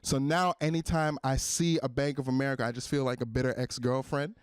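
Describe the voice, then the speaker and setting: A man doing a stand-up comedy set on stage, animated and acting out characters in a high squeal. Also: brisk, smooth, dry recording, studio quality. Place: stage in front of a live audience.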